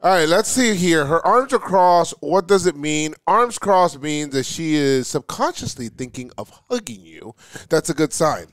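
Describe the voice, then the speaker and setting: A man's voice: a little high, big pitch swings, a little slow, dry recording. A man co-hosting a reaction show, playful and teasing in casual commentary. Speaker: show co-host.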